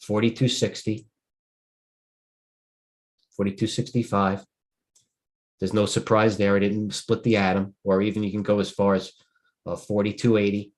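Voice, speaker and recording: A man's voice: fairly low pitch, level tone, moderate pace, pauses often. A middle-aged man hosting a live trading stream, a little tired and rambling as he thinks aloud and interrupts himself. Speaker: stock trading host.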